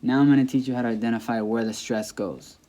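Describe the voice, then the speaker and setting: A man explaining a language lesson in a casual, patient way, repeating words slowly and checking in with the listener. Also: medium pitch, steady tone, mellow. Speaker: Spanish teacher.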